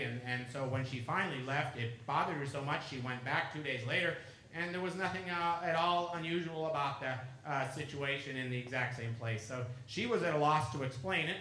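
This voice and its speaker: A man's voice: a little high, fairly bright tone, a little hiss or hum. A man giving a public talk as an author, telling stories chattily and acting out the dialogue he quotes. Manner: chatty anecdotal storyteller who acts out quoted dialogue. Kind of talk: lecture with storytelling. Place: lecture room with an audience. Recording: roomy echo in a lecture room.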